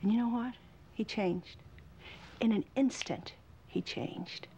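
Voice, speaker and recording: A middle-aged woman, a welder and artist, telling a candid story for a documentary, swinging between loud and hushed. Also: mid-range voice, slow pace, a little hiss or hum.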